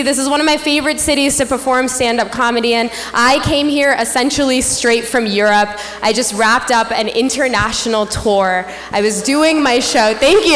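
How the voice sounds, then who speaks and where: A young woman emcees a gala with a stand-up comedy set, her fairly high voice bouncing through punchlines with playful self-mockery. She speaks into a stage mic, and her voice rings out with a long echo through a big hall over a faint murmur of ambience. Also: slight background noise. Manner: animated punchline delivery, playful and self-mocking.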